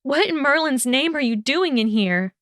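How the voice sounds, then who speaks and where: A woman voicing a sharp-tongued, indignant young witch in a fan audiobook reading, snapping exasperated retorts. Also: high voice, animated, moderate pace, no echo, clean studio sound, pitched above the performer's own voice. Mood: startled anger.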